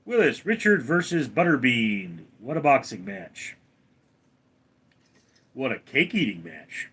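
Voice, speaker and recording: A man's voice: sing-song, slow, long pauses, husky. A man live streaming from home, reading viewer names aloud and answering them in a casual chat. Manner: reads viewer names out loud, then answers in a lower voice.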